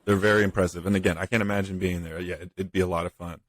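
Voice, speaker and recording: A man co-hosting a casual gaming podcast, easygoing, chiming in with quick agreements and his own stories. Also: deep voice, flat delivery, slight background noise. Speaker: podcast co-host. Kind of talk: casual chat.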